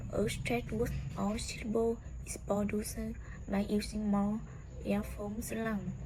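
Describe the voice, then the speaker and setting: A woman with a Vietnamese accent reading a lesson script on word stress in a flat, halting way. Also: mid-range voice, noisy background. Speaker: student presenter.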